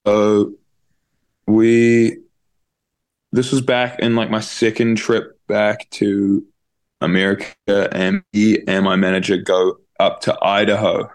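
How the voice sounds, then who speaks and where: This guest musician is a young man in his twenties with a New Zealand accent, casually telling a story over a video call. He rambles and peppers his speech with "like." His fairly low voice is delivered flatly and slowly.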